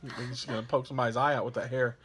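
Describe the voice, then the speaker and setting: A man's voice: mid-range voice, level tone, very fast, background noise. Goofy laid-back man vlogging. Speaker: channel host. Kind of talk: casual chat. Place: home in Texas.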